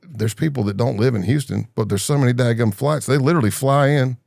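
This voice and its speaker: A middle-aged Southern American man, a former undercover agent, spins long stories as a podcast interview guest, animatedly acting out the voices of the people he quotes. He talks fast in a medium pitch with vocal fry, and the recording is dry.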